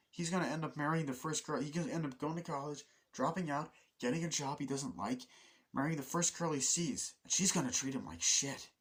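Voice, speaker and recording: A young man giving a casual spoken film review, rambling, swearing often and acting out scenes in quick quoted voices. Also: a little high, a bit bright. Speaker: movie reviewer.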